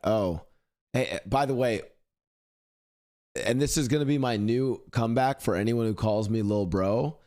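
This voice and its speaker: Young man, streamer, profane ranting, heated, middling pitch. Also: unhurried, pauses often. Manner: profane ranting at chat, rising to shouting. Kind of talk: live stream reaction commentary.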